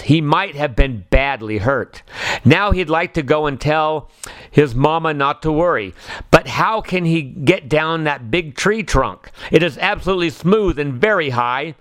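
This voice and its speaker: A man reads a children's picture story aloud, calm and expressive. His voice is smooth and clear, a little higher than most men's. The sound is close and dry. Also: a little slow, no echo. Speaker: storybook narrator. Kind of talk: scripted children's story narration.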